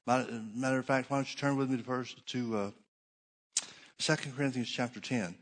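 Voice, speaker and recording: A middle-aged male pastor preaching a Bible sermon, stressing key phrases by slowing down and repeating them. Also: mid-range voice, fairly even intonation. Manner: preaching with shifting emphasis, slows to stress points.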